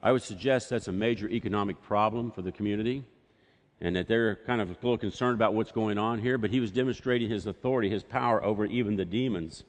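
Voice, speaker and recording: A man's voice: on the low side, quick pace, big-room sound. A man preaching a sermon as pastor, telling a story and acting out voices from the scripture. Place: church sanctuary.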